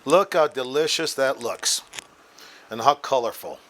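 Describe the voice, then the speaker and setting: Hosting a home cooking show, a man with a mid-range, slightly bright voice talks at a measured pace. He's animated and enthusiastic, calling viewers "guys" as he walks them through a recipe and shares a restaurant anecdote.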